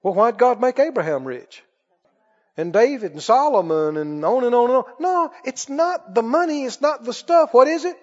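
A man's voice: very high voice, expressive, normal speed, big-room sound, lo-fi sound. A man preaching a sermon, dramatic and full of rhetorical questions as he tells the story.

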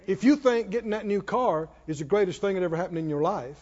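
A man's voice: sits high, expressive, quick pace, a little mellow. A man preaching a sermon to a congregation, repeating phrases for emphasis and prompting them to answer back. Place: church hall with congregation. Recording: reverberant hall, dull lo-fi sound.

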